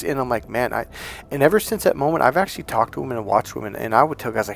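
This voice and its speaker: A man's voice: racing, creaky. A man coaching on dating, talking casually and with energy, swearing freely and acting out other people's voices. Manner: animated, profane, acts out voices with big pitch jumps. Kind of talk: casual storytelling monologue.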